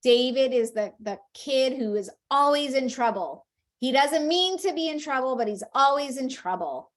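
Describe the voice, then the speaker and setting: A woman's voice: high-pitched, animated, normal speed. A woman explaining a book-reading method to parents in a patient, instructional way, acting out short read-aloud examples. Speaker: speech-language educator.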